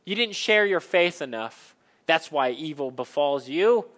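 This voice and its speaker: A man preaching a sermon, animated and conversational, acting out the people in the story in quick asides. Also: on the high side, big-room sound. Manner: animated, acts out Bible characters in quick asides. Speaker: pastor.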